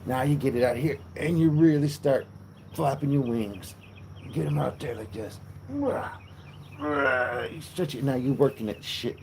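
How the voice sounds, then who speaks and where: A man's voice: medium pitch, moderate pace, vocal fry, dark tone, a little hiss or hum. A man hosting a casual livestream, chatting playfully and telling a long joke. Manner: playful storyteller. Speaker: livestream host.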